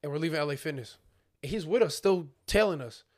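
Fast-talking young man spinning a story. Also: a little high. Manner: animated, acts out friends' voices, slangy. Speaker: podcast co-host. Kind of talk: casual storytelling chat.

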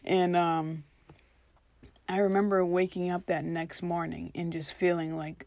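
A woman's voice: lowish voice, level tone, moderate pace, gravelly, a little mellow, no echo. A woman telling a personal spiritual story in an earnest, reflective way, now and then acting out her own past reactions.

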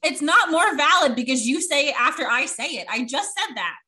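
Chatty woman, bright voice. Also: high voice, a little fast. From American. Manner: chatty, animated, acts out quoted voices. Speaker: podcast co-host. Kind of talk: casual chat.

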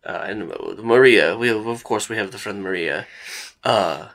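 A man's voice: fairly low pitch, a little slow, a bit bright. A man narrating as game master of a tabletop game, describing scenes in a loose, filler-heavy way.

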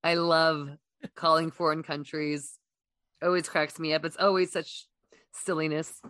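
A woman's voice: low voice, little pitch movement, unhurried, fairly bright tone, no echo, clean studio sound. A woman co-hosting a podcast, chatting and telling anecdotes casually. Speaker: podcast co-host. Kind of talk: casual chat.

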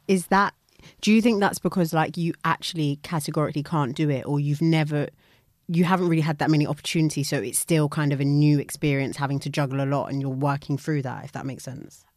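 Teasing young woman, low voice. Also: steady tone, fast, darkish tone, dry recording, studio quality. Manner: teasing, supportive listener, frequent mm-hmms. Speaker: podcast co-host. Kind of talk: casual chat.

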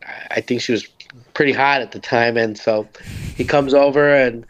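Chatting casually as a podcast guest, a man from Socorro, in the Southwest US, rambles through a story, swearing freely, acting out what people said, and saying "like" over and over. He speaks at a moderate pace in a medium-pitched voice with fairly even intonation, and the highs are cut off.

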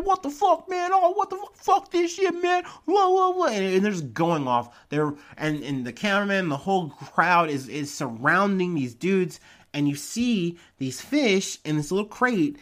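A man's voice: a little high, a bit bright. Rambling man hosting a podcast. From Ohio. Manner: rambling, profane, with frequent fillers and laughs. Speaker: podcast host. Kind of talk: casual news commentary.

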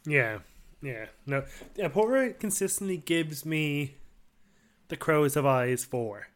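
A man co-hosting a casual podcast, relaxed and enthusiastic as he leads the review segments. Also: on the high side, takes it slowly. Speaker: podcast co-host. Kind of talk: casual chat.

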